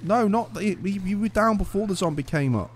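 A man's voice: high voice, lively intonation, brisk, a little hiss or hum, voice pushed up. A man putting on a chirpy Geordie lad. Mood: prying. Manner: overly friendly, prying. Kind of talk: voice chat in an online game.

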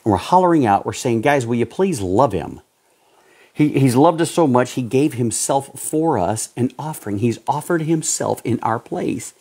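A man preaching a sermon as a pastor, swinging between loud exhortation and hushed pleading. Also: mid-range voice, animated, normal speed, breathy edge.

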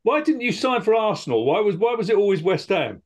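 A man with a lively, slightly high voice hosts the chat, putting short, casual questions to the guest. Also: brisk. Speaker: host interviewer. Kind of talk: casual interview.

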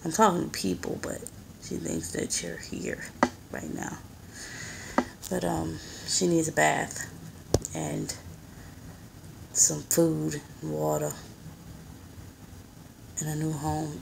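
A woman in her twenties rambling in a casual vlog at home in a small apartment, soft-spoken and often hushed, filmed on a handheld phone. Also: low voice, little pitch movement, takes it slowly, creaky, pauses often, noisy background. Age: 20s. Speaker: vlogger and mother.

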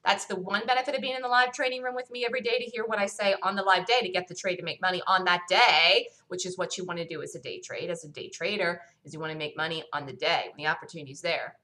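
A woman with a lowish, steady voice hosts a stock market review show, talking fast with hardly any pauses in a pushed, bright tone. On her own, she goes over the day's trading emphatically and confidently, returning to the same points again and again. It's a solo market review commentary.

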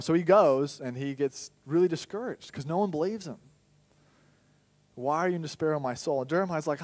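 A young man preaching a sermon in a church, acting out inner dialogue with sudden loud, high bursts. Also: brisk. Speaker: pastor.

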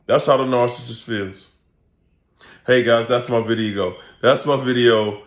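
Man, vlog host, laughing, animated storytelling, echoey indoor room. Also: mid-range voice, moderate pace. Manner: laughs often, animated, acts out quoted voices. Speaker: channel host and coach. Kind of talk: casual comedic vlog rant.

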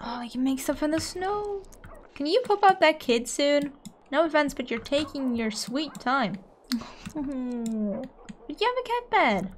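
Excitable high-voiced woman gaming. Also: a little hiss or hum. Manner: excitable, gasping and squealing at the game. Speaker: gaming YouTuber. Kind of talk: let's play commentary.

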